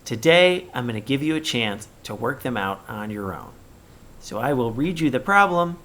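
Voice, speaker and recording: Speaking slowly and with purpose, a man teaches young children through a recorded remote lesson, acting out example sentences with exaggerated expression. The mid-range voice is very animated and a bit bright.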